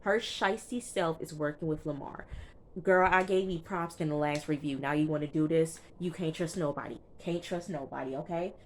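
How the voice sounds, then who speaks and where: A woman reviews a TV episode in a loose, slangy recap, stopping often for quick asides of her own. Her voice sits slightly low. A faint room ambience hums behind her. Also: a little hiss or hum. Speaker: TV show reviewer.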